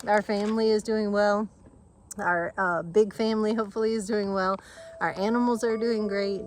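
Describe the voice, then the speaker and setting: This woman is a family farm vlogger, walking a rural driveway and yard and chatting casually with an earnest, warm, rambling manner to her viewers and animals. Her voice is medium-pitched and steady at a normal speed. The background is noisy.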